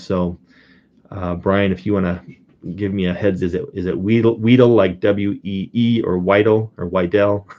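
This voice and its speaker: A man with a very deep, low voice talks casually on a live stream, greeting viewers one by one. He rambles with plenty of fillers and restarts and chuckles now and then. The audio is dull and lo-fi. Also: darkish tone. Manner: rambling, chatty, reads out viewer names. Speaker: streamer and coin collector.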